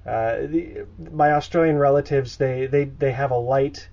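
A man's voice: medium pitch, fairly even intonation, normal speed, warm tone. A man co-hosting a podcast in casual chat over an internet voice call, rambling with stumbling restarts and casual swearing. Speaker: podcast co-host. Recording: muffled internet call audio.

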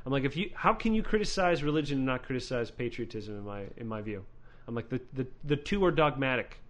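A man's voice: mid-range voice, lively intonation, fast. A man hosting a casual podcast, ranting with plenty of swearing and stumbling restarts. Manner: ranting, profane, many restarts. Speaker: podcast host.

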